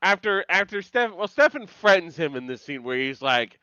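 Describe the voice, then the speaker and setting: Man, podcast co-host, high bright voice, dry close sound, slightly dull lo-fi mic, jokey, laughs mid-sentence. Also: very animated, normal speed, clean tone, no echo. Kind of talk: casual TV episode recap chat.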